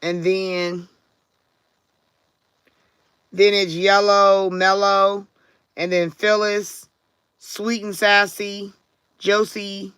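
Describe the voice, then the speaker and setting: Chatty lady doing a live tarot stream, smooth clear voice, totally dry no room sound. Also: mid-range voice, flat delivery, very slow, long pauses, fairly bright tone, dry recording. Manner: chatty, greets and answers commenters by name. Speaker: tarot reader and livestream host. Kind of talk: casual livestream chat.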